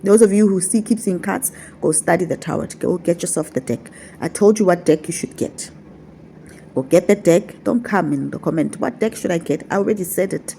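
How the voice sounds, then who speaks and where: A woman with a fairly low, mellow voice teaches her online followers about spiritual practice. She talks in a casual, affectionate way and repeats her points to coax them along. A faint hiss of noise sits under her voice. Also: normal speed, vocal fry. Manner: repetitive, coaxing, affectionate.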